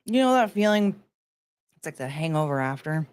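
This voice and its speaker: A woman's voice: low-pitched, sing-song, normal speed, darkish tone, clean tone. A woman hosting her own livestream, chatting casually and greeting viewers by name with sing-song asides. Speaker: livestream host.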